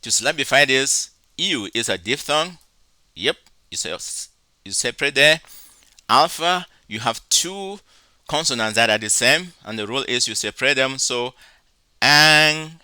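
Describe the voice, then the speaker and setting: Male teacher, deliberate lecture delivery, syllable by syllable, dry close sound. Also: mid-range voice, lively intonation, bright, forceful tone, no echo. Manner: slow, deliberate, spells out syllables. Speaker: Greek teacher. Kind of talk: recorded lecture.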